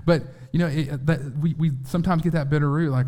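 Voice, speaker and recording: Guy preaching, chatty, acts out quotes, restarts a lot, middle pitch. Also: fairly even intonation, brisk, few pauses, warm tone. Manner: conversational, with acted-out quotes and frequent restarts. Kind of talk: sermon.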